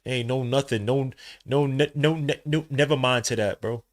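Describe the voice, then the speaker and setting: A young man hosting a podcast gives live watch-along commentary in a medium-pitched voice at a moderate pace, switching between muttered play-by-play and loud, slangy outbursts.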